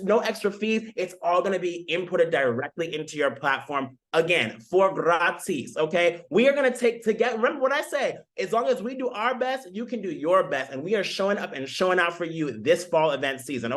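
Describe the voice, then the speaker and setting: A man's voice: high voice, a bit bright. A man hosting a webinar over a video call, exuberant and full of hype, calling everyone y'all. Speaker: webinar host.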